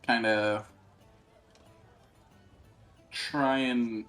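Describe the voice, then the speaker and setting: A man's voice: medium pitch, fairly even intonation, extremely slow, fairly bright tone, soft background music. A man chatting playfully during a tabletop game. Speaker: player. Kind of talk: casual chat.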